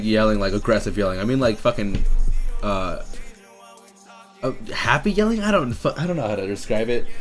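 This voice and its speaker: A young man telling a long personal story to his viewers, rambling, excitable and swearing a lot. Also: mid-range voice. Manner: excitable, rambling and heavily profane. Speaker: streamer and YouTuber. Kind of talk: casual storytelling to camera.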